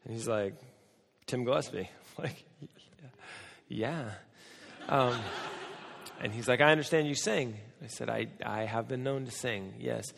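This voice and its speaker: A man's voice: mid-range voice, a little slow, creaky, pauses often, a bit bright, a little hiss or hum. A middle-aged American man, a pastor, telling a chatty, self-deprecating story in a sermon, his voice cracking now and then. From United States. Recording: long hall reverb.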